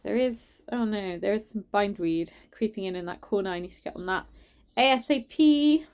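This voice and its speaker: A woman's voice: medium pitch, moderate pace, darkish tone, clear, resonant tone. A woman with a stuffy, sniffly voice giving a chatty, enthusiastic tour of her garden and greenhouse. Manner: enthusiastic, chatty, names plants as she walks. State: congested, sniffing from a cold or hay fever. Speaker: gardening vlogger. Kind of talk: casual garden tour narration.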